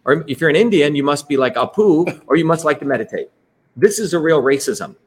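A man's voice: on the high side, lively intonation, fairly quick, slightly rough. A man presenting to an audience in a rambling, emphatic way, full of digressions and tag questions. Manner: emphatic, digressive, keeps asking "right?" and inserting "by the way". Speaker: presenter leading an online talk.

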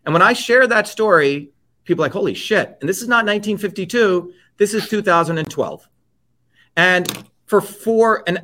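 Impassioned and personal, an Indian man in his fifties tells his life story as an interview guest, speaking bluntly, emphatically and profanely. His voice sits high, pushed and bright.

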